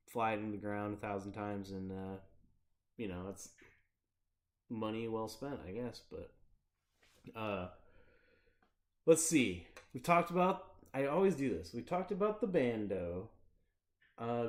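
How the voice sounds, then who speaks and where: A man's voice: medium pitch, lively intonation, a little slow, long pauses, darkish tone. A young man from Michigan chatting casually on his livestream, rambling through stories and laughing often. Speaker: streamer.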